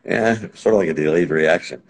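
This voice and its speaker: A man as an interview guest, telling stories in a casual, animated way. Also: a bass voice, brisk. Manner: animated, acts out quotes in other voices. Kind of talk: casual anecdotal storytelling.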